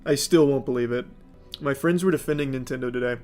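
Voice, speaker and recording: A man's voice: mid-range voice, fast, faint music behind. A young adult man streaming, ranting casually with lots of swearing and frequent laughter. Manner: animated, profane, laughing often. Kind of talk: casual livestream rant.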